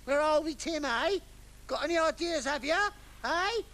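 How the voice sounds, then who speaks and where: A performer plays a hapless castaway adrift in fog for a children's puppet show. The voice sits high and bright and leaps all over the place. Speech is unhurried until it breaks into melodramatic wails. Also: slight background noise. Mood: comic panic. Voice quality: excitable, swings from calm to wailing panic. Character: hapless castaway lost at sea in fog, dramatic and comic.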